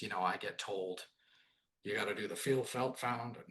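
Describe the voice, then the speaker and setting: A man, a sales trainer guest on a podcast, telling stories in a casual, animated way and acting out the dialogue. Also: mid-range voice, moderate pace. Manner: animated, acts out quoted dialogue, repeats "right?". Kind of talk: casual interview storytelling.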